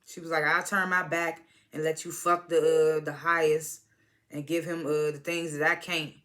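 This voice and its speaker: Bright-voiced casual episode recapper. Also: medium pitch, little pitch movement, moderate pace. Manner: retells scenes with "he was like" quotes, swears casually; chuckles through the retelling. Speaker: TV episode reviewer.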